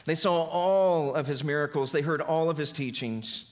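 Male pastor, sermon delivery, slightly high pitch, dramatic rises and quiet low drops. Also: moderate pace. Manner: dramatic swings from loud emphasis to soft, low delivery.

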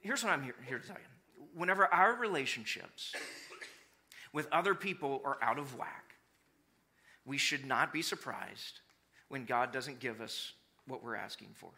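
Man, pastor, sermon, animated, acting out characters. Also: mid-range voice, unhurried, gravelly, pauses often, slight background noise. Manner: animated, acts out voices of people for humor. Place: church.

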